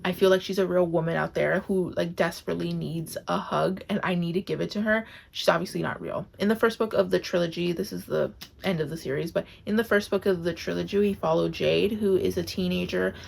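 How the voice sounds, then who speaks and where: A woman's voice: lowish voice, steady tone, brisk, gravelly, a little mellow. A woman reviewing books to camera in a casual vlog, gushing and emotional, close to tears, with many "like" fillers. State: tearful, close to crying. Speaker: book vlogger. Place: home, on camera.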